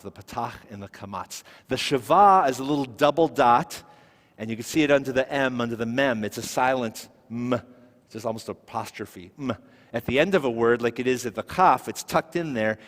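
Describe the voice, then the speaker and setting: A man teaching a Hebrew lesson to a class, explaining patiently step by step and asking questions. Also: mid-range voice. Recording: echoey hall recording.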